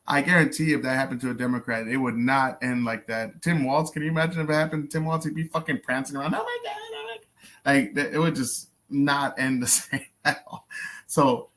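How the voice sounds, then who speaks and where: A man's voice: medium pitch, fairly even intonation, a little fast, fairly bright tone. A man hosting a reaction video, talking in a blunt, profane, casual way. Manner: profane, blunt, lots of fillers.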